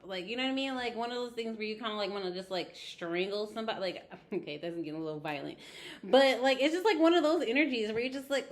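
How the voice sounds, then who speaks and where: A woman's voice: a little high, expressive, brisk, slight background noise. A woman giving a casual tarot reading, chatty and blunt, with frequent laughs and swearing. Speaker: tarot reader.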